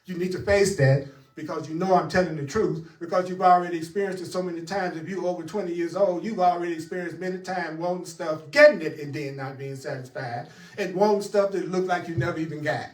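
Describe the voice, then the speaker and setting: A man's voice: fairly high pitch, a little fast, echoey room, recorded from a distance. A man teaching a spiritual class, talking straight to his audience with emphasis and frequent laughter.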